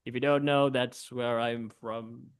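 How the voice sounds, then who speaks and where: A man's voice: medium pitch, fairly even intonation, unhurried, smooth. A man hosting an online improv game in a costume persona, playful and laughing, over a video call. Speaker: improv host.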